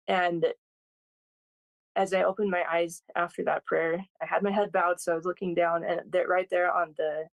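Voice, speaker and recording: A guest in their thirties tells a personal story in a thoughtful, hesitant way, with many pauses and restarts. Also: medium pitch, creaky, no echo, poor audio. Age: 30s. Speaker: podcast guest.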